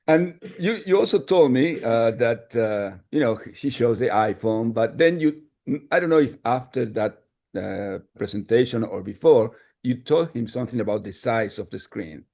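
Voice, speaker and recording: Gravelly male interviewer. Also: medium pitch, lively intonation, darkish tone. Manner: eager, halting questions with fillers and laughs. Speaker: interview host. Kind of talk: conversational interview questions.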